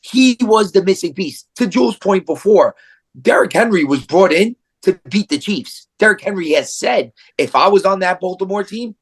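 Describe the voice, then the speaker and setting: Rambling man with raised pitch. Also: lively intonation, moderate pace, slightly rough. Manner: opinionated, filler-heavy rambling. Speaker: podcast co-host. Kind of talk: casual sports chat.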